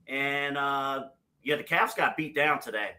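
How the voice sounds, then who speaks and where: A man's voice: medium pitch, a little slow, pushed and bright. A man hosting a podcast in casual chat, giving lavish praise and filling his talk with uh and um. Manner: effusive praise, heavy with uh and um. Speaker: podcast host.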